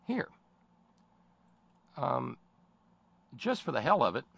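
A man's voice: mid-range voice, sing-song, slow pace, a bit bright. A man hosting a political commentary show, sardonic and rambling in his delivery. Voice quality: gravelly. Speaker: host.

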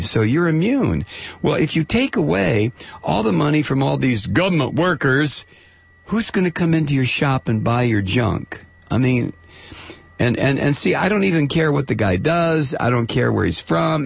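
A man's voice: medium pitch, gravelly, husky, no room sound. A man hosting a call-in radio show, ranting sarcastically and animatedly. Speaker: radio talk show host. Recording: lo-fi radio broadcast.

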